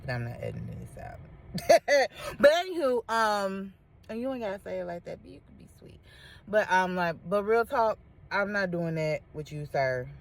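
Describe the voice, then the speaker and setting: This is a woman, talking casually to camera. She is frank and lively and leans on slangy asides. She keeps her voice at a middle pitch, neither high nor low. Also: moderate pace. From Chicago. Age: 30s. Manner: candid, animated storytelling with slangy asides and laughs. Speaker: vlogger.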